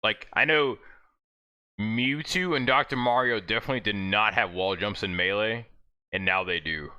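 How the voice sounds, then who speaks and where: A man's voice: lowish voice, normal speed, sharp tone, clear, resonant tone. A man streaming and chatting loosely about a fighting game, swearing freely and laughing often. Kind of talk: casual gaming chat.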